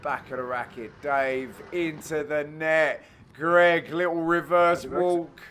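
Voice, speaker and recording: A man with a bright, forceful voice pitched a little high commentates on an amateur padel match in a cheeky comic voice-over. He banters crudely and bursts into sudden shouts.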